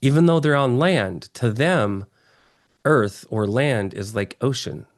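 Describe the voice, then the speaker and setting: A man from Texas telling his story as an interview guest, earnest and excitable, often restarting his phrases. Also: medium pitch, slow pace, no echo, clean studio sound. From Texas, USA.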